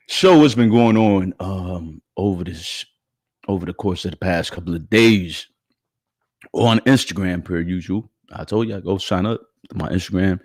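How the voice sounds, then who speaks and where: Male livestream host, very deep voice, congested, slangy, greets viewers. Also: darkish tone, dry recording, clean studio sound. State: stuffy nose, throat catching. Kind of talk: casual live commentary.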